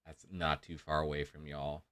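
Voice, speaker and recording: Low bright-voiced male game master. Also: level tone, normal speed, no room sound. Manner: laughs often, hesitant with fillers. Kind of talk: narrating a tabletop game over a call.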